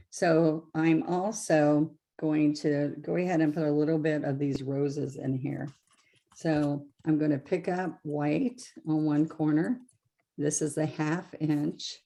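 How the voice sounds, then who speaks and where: Woman, painting instructor, low voice, mellow tone, chatty, self-correcting. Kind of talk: live craft demonstration.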